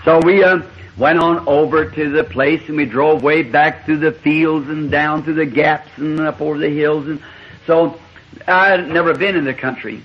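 A preacher with a husky, slightly raised voice spins a rambling, homespun tale from the pulpit and chuckles along the way. The sound is muffled and lo-fi, like an old tape of a sermon. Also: male voice, on the high side, steady tone, moderate pace. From Southern United States. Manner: folksy, rambling anecdote with frequent chuckles. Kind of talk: sermon storytelling.

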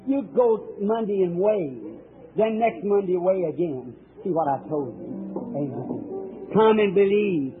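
A man preaches at a healing service, fervent and emphatic as he calls out to people before him. His voice sits high for a man. The sound is thin and tinny, like an old tape, with a faint hiss underneath. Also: measured pace. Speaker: evangelist preacher.

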